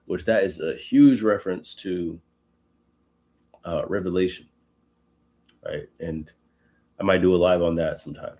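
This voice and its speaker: A man hosting a live Bible study, reading scripture slowly and breaking off into casual, animated asides. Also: sits low. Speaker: host.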